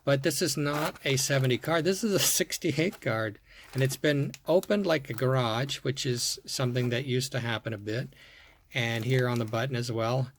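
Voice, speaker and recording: A man's voice: mid-range voice, normal speed, a little hiss or hum. A man showing off a toy car collection, talking casually and admiringly, repeating his words and thinking aloud as he goes. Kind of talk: casual show-and-tell vlog.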